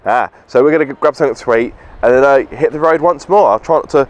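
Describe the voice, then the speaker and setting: A man, hosting a car vlog in casual, deadpan joking chat. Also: mid-range voice, fast talker, highs cut off. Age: 30s. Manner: playful, deadpan joking, stumbles over words. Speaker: vlog host. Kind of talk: casual chat while driving and on location. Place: small car on the road, then outdoors by the sea.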